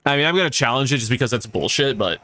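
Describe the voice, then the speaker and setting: A man's voice: medium pitch, expressive, very fast, bright, forceful tone. A man giving casual gameplay commentary, swearing and ranting at the game with exasperation. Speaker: gaming YouTuber.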